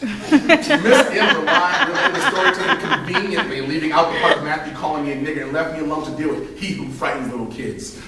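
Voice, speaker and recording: A man in his thirties tells a personal story live at an open mic, animated, acting out voices and laughing between lines. His fairly high voice comes from a distant mic in a very echoey room. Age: 30s.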